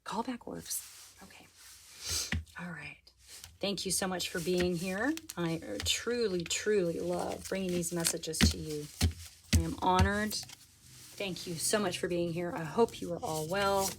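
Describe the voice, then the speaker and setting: A woman giving a pick-a-card tarot reading to her viewers. She is earnest and excitable, and often stops to rephrase herself. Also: lowish voice, unhurried, noisy background. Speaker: tarot reader.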